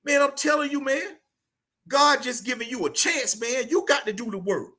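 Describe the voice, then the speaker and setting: A man's voice: very high-pitched, normal speed, pushed and bright. A middle-aged man hosting a podcast, giving a blunt, profane motivational monologue and tacking "man" onto nearly every line. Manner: blunt, profane, preachy, repeats "man" constantly. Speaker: podcast host.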